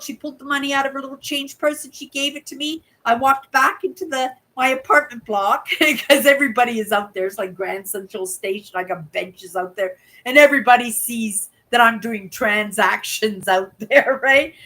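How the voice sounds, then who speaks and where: This Canadian channel host in her sixties spins stories in a casual live chat, acting out characters' voices and asking "right?" again and again. Her voice is a little high, bright and forceful, though the recording quality is low.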